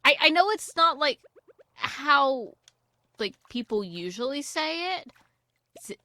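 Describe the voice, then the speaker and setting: A woman's voice: high-pitched, big pitch swings, slow, pauses often, sharp tone, no echo. Chatty, sweary woman gaming streamer. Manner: rambling, sweary, self-mocking asides. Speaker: gaming channel host. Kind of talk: casual let's-play commentary. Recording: faint game music behind.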